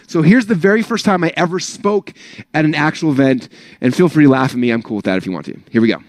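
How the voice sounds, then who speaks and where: Man, motivational talk, rapid, casual rambling, dry close sound. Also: high voice, very animated, no room sound. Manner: casual, rambling, full of "like" and "right?". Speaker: speaker at an online business training.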